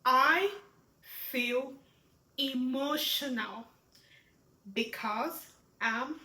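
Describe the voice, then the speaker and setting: A pregnant woman teaching a sign language lesson in an expressive way, often checking in with "right?". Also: high-pitched, measured pace, roomy sound, poor audio. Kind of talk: instructional lesson.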